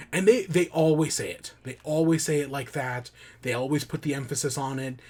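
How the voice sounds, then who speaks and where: A man's voice: mid-range voice, a little fast, few pauses. A man hosting a podcast in casual chat, rambling with restarts and casual swearing. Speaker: podcast host.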